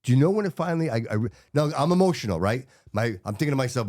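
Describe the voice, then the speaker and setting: A man's voice: medium pitch, animated, rapid-fire, hardly any pauses, darkish tone, dry recording, clean studio sound. A man in his fifties hosting a podcast interview, telling a story in casual chat and addressing his listeners directly. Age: 50s. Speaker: podcast host.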